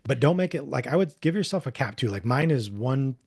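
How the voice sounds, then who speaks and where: An earnest man in his forties tells his stories as a podcast guest. His husky voice sits at an ordinary middle pitch. He talks casually and with heartfelt warmth. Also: expressive, fairly quick. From upstate New York. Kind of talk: casual conversational storytelling.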